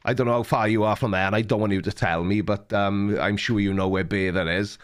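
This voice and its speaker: A man's voice: fairly low pitch, fairly even intonation, fairly quick, smooth. Chatty Welsh man hosting a live stream. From Wales. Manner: chatty storyteller, laughs often. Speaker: livestream host. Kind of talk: casual chat with a caller.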